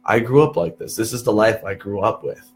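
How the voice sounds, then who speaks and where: A young man from Texas, USA, appears as a podcast guest, telling stories in a fairly low, brisk, gravelly voice. He's an animated storyteller in casual conversation, swearing freely and dropping "dude" into nearly every line.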